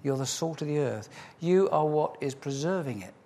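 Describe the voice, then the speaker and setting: Husky-voiced man preaching a sermon. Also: a little high, animated, dark tone. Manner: preaching with emphatic repetition, slows for stress. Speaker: pastor.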